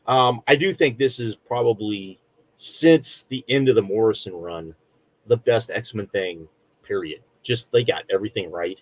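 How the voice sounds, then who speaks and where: A man's voice: fairly low pitch, darkish tone, rough recording. A middle-aged man co-hosting a podcast, chatting casually and rambling through a review with lots of fillers and restarts. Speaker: podcast co-host.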